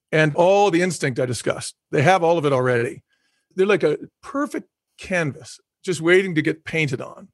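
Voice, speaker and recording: A man's voice: on the high side, no room sound, studio quality. A middle-aged man talking earnestly in a reflective conversation, repeating phrases for emphasis and laughing easily. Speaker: guest, former company executive.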